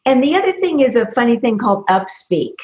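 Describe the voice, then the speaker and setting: A woman who is a communication coach, speaking as an interview guest in an animated way. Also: a little high, brisk. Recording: echoey dull remote audio.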